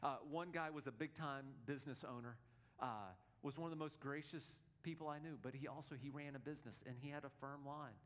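A male pastor delivers a sermon in an earnest, emphatic way. His voice sits a little high for a man. He often repeats words as he drives his points home. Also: brisk, a bit bright.

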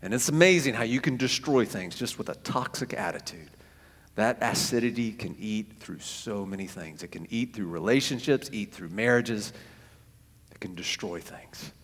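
Animated preacher in an echoing hall. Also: male voice, fairly low pitch, a little slow, breathy edge. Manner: animated, repeats phrases for emphasis, acts out quotes. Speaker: pastor. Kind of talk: sermon. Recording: echoey hall with long reverb.

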